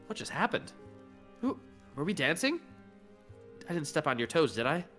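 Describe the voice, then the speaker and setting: A dazed young woman, flustered and awkward, speaking in a high voice, as a man puts her on. She sounds unsure of herself and stumbles over what to say. Faint music runs underneath. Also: sing-song, moderate pace, fairly bright tone. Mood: confused.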